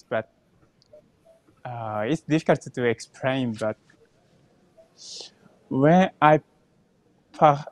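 A man from Japan, a guest pianist, answering interview questions in a hesitant, halting way, searching for words. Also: mid-range voice, dry recording.

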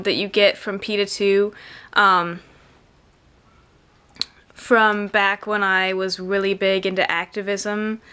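A woman's voice: mid-range voice, bright, forceful tone, smooth. A young woman vlogging to camera, chatty and rambling with many fillers, on the camera's own mic. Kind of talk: casual chat to camera.

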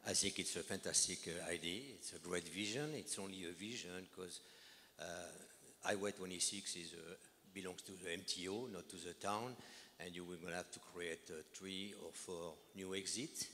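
Deep-voiced man with a French accent. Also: fairly even intonation, pushed and bright. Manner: halting, many "uh" pauses. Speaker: resident asking a question. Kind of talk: public meeting question. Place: public meeting hall. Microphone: handheld microphone. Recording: long hall reverb with faint noise.

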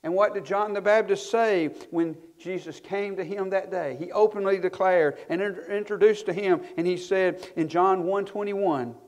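A man's voice: high-pitched, fairly even intonation, normal speed, hardly any pauses, darkish tone. A male pastor preaching a sermon with emphatic rises and falls, reading scripture aloud in old-style wording. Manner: emphatic preaching, voice swelling then falling off at phrase ends.

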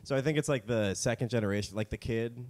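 A young man co-hosting a comedy podcast in a relaxed, joking chat. His pitch sits in an ordinary middle range, and he riffs loosely, breaking into laughter partway through his sentences. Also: fast. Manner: riffing, laughs often mid-sentence. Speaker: podcast co-host.

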